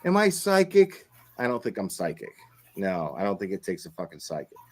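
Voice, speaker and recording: A man's voice: low-pitched, lively intonation, a little fast, slightly rough. A man streaming live, mocking and swearing as he goes over comments. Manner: mocking and profane.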